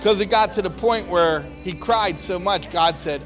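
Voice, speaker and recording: A man's voice: high-pitched, normal speed, fairly bright tone, soft background music. A man preaching a sermon in a conversational, emphatic storytelling way, likely in a church.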